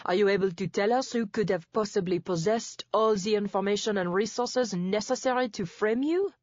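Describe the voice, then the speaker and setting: A woman's voice: medium pitch, moderate pace, a little mellow, no echo, pitched above the performer's own voice, lightly acted. A woman voicing a stern male presiding judge who talks in a clipped, formal, impatient way, recorded dull and dry.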